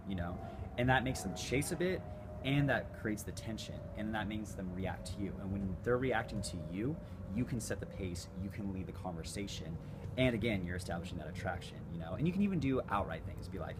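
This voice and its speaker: Male dating coach, low-pitched, laid-back and profane, talking to camera over audible background noise. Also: lively intonation, fairly quick. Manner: blunt, casual, swears freely. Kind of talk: casual direct-to-camera advice.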